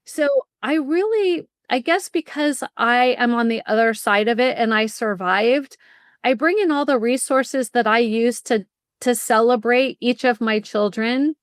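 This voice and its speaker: A middle-aged woman talks as a guest on a podcast, her voice sitting a little high. She tells stories with animated energy and speeds up when she explains things. The sound is close and dry, with no room around it. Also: no echo. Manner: lively storyteller, fast bursts when explaining. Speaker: guest, college admissions consultant. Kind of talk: casual interview chat.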